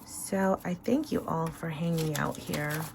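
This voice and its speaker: A woman in a casual home vlog, counting cash and talking about her savings with excited emotion. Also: sits low, measured pace, vocal fry, noisy background. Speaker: savings vlogger.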